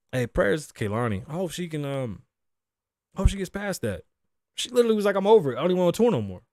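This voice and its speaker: A man in his thirties riffs through the day's stories on his own podcast, swearing freely and wandering off on tangents. His voice sits fairly high and swings widely in pitch. The sound is dry and close, with no room around it. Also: dry recording. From Puerto Rican background. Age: 30s. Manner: profane, animated, rambling. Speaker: podcast host. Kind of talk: solo casual podcast rant.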